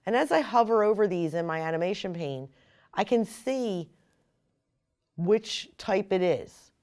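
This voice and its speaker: A woman explaining software step by step in a screen-recorded tutorial. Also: medium pitch, lively intonation, unhurried. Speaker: software instructor.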